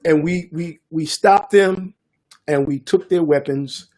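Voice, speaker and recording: An older man, a DJ and producer telling a story in a casual interview, animated and acting out the voices of others. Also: a little high, slow. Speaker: guest DJ and producer.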